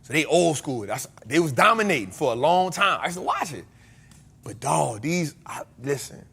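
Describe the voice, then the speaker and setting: An American man hosting a casual chat, joking and breaking into loud exclamations. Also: on the high side, big pitch swings, moderate pace, gravelly, slightly rough. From United States. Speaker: podcast host.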